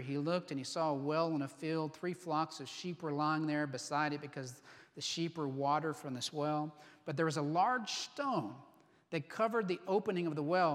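A man preaching a sermon, retelling a scripture passage in an animated, humorous way and acting out the people in it. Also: fairly high pitch. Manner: animated, humorous, acts out voices. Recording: long reverb in a large hall.

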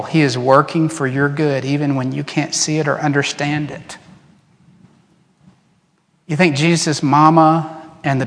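A male pastor delivers an animated sermon from a church sanctuary, his somewhat high voice ringing with long reverb. He swings between lively acted-out quotes and quiet, earnest passages. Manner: animated preaching, acts out quoted voices, drops to soft earnest tones. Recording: long reverb in a large hall.

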